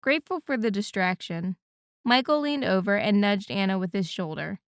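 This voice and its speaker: A woman reads an audiobook in an even, measured voice. Her tone is smooth and resonant, and the close recording is dry, with no room sound. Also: medium pitch, no echo. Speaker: audiobook narrator. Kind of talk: scripted narration.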